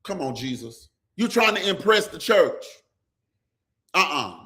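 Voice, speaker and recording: A man with a slightly high, sing-song, sharp voice preaches a little slowly on his live stream. As the pastor hosting, he speaks directly to commenting viewers, using call-and-response, repeating "come on" constantly, and letting lines slip into song.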